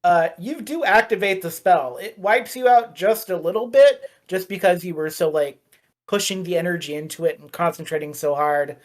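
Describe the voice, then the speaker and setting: A woman's voice: fairly low pitch, normal speed. A woman narrating as game master of a tabletop role-playing game, chatty and playful, with frequent fillers.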